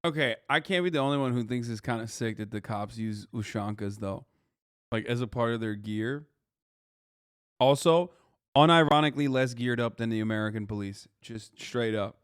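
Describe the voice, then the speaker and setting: A man in his thirties livestreams his reaction to a news video, talking to his chat in a heated, profane rant. His voice is smooth and resonant. He sits close to the mic in a dead, dry room. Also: medium pitch, normal speed, a bit bright, no echo. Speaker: livestream commentator.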